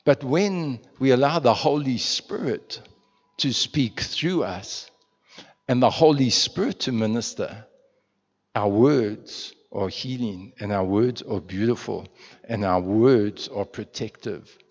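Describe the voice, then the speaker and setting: A man's voice: mid-range voice, takes it slowly. Pastor, a South African man, conversational sermon with rhetorical questions, dull and echoey hall sound. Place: church. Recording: muffled sound in a reverberant church hall.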